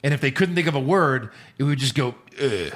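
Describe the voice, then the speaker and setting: A middle-aged man co-hosting a casual chat, animated and quick to act out lines in funny voices. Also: medium pitch.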